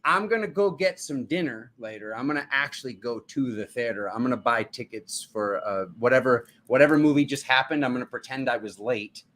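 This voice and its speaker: Guy doing a live tarot stream, bright sharp voice, all riled up and preachy. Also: medium pitch, a little fast, few pauses. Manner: fervent, preachy, addresses viewers as family; riled up, urgent. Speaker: tarot reader and channel host.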